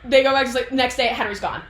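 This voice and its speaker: A young woman talks at a quick, lively clip in a slightly high, very bright voice. She tells a story casually, swearing freely and acting out quotes. The room adds a noticeable echo. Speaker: host. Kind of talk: casual chat, retelling a book's plot. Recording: echoey room.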